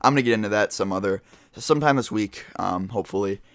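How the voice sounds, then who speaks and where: Teenage boy, vlogger, rambling casual storytelling, lots of swearing, lowish voice. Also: fast talker, no room sound, clean studio sound. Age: teens. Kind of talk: storytime vlog.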